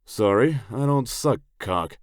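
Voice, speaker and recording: A man voicing a brash young biker in an audiobook, firing off loud, blunt retorts. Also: medium pitch, animated, takes it slowly, no echo, studio quality, pitched above the performer's own voice. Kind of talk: audiobook character voice.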